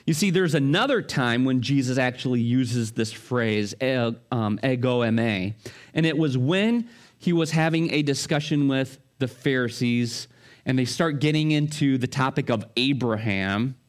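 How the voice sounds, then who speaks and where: A man's voice: medium pitch, unhurried. Middle-aged guy pastor, chatty sermon, lots of "right?" and little family stories. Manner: conversational, rhetorical questions, personal anecdotes.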